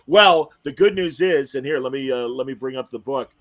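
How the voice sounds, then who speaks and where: A man hosting an interview podcast, telling stories in an animated, emotional, casual way. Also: mid-range voice. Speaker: podcast host interviewing comic creators. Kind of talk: casual chat.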